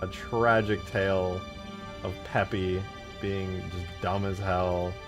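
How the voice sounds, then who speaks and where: A young man chatting casually on a live stream while modding a game, laid-back, breaking into animated storytelling. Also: low-pitched, takes it slowly, over music. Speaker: streamer and modder.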